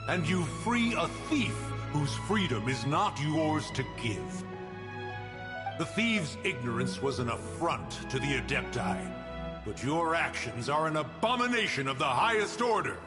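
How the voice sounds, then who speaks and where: Ancient wrathful mountain spirit, archaic formal speech, unhurried, game score underneath. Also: male voice, on the high side, sing-song, big-room sound, over music. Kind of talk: game cutscene voice acting.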